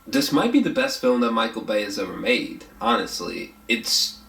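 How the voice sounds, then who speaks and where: A man's voice: on the low side, very animated, normal speed, a bit bright. A man giving a casual, rambling spoken film review, blunt and profane, with many fillers and restarts. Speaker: movie reviewer. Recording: roomy echo.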